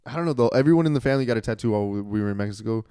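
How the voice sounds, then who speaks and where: A young man talks quickly in a casual podcast chat, his voice smooth and clear. He is self-deprecating and acts out what other people said. The sound is close and dry. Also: fairly low pitch, no room sound. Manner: self-deprecating, animated storytelling with quoted voices. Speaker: podcast co-host, comedian.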